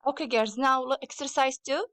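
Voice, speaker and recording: A woman's voice: high-pitched, moderate pace, a bit bright, dry recording. A woman teaching English grammar and phonics to girls, patiently repeating each phrase.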